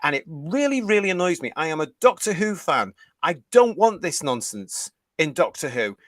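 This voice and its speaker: A man's voice: fairly high pitch, sing-song, normal speed, fairly bright tone, no echo. An older British man hosting a live stream, indignantly reading out chat comments. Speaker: host.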